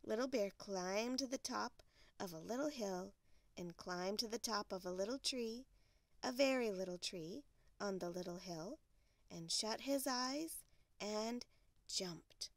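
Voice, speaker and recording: A woman narrating a bedtime story in a soft, measured way. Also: mid-range voice, dry recording.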